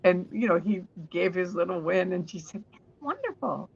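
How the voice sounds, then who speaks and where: A woman guest telling stories in an interview, chatty and warm, often restarting her sentences. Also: fairly low pitch, steady tone, normal speed, slightly rough, highs cut off.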